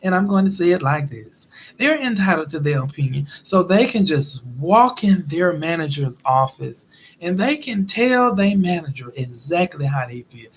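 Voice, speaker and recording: A man vlogging in casual commentary, telling stories in an animated way and acting out quotes as he goes. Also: a little high, moderate pace, slight background noise. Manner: animated storytelling with acted-out quotes.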